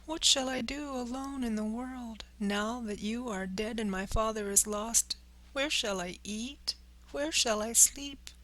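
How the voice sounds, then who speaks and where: A grieving, impulsive puppet boy from a storybook, speaking in a high, pleading, tearful voice at a slow pace, as a woman narrator puts him on. His lines come slowly, one cry after another, each one lifted well above her usual reading voice. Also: animated, a bit bright, exaggerated voice. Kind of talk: audiobook character voice.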